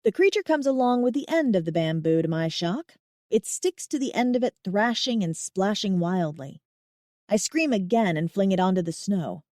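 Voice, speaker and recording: Female audiobook narrator, young adult, mid-pitched voice, emotive first-person read, dry recording. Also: normal speed, no room sound. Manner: expressive, emotive reading with dramatic swings.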